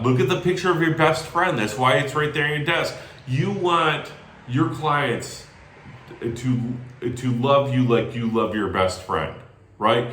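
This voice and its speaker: An energetic man coaches a team on sales calls and often checks in with "right?". His pitch swings widely as he talks. The voice rings in an echoey room. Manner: energetic, animated, tags lines with "right?". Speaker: sales call trainer. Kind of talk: training talk.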